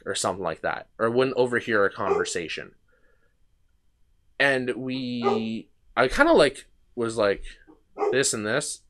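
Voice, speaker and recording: A man's voice: mid-range voice, a little slow, fairly bright tone. Young man rambling through a story. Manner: rambling anecdotes with frequent restarts and swearing. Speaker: podcast host. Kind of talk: casual storytelling chat.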